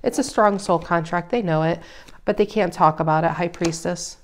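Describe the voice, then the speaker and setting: A woman giving a casual tarot reading, emphatic and animated, her voice rising loud and dropping soft. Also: fairly low pitch, normal speed. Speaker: tarot reader.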